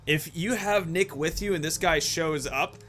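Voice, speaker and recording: A man's voice: on the high side, a little slow, a bit bright. A man casually commenting over gameplay, chatty and jokey. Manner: chatty, jokey, laughs often.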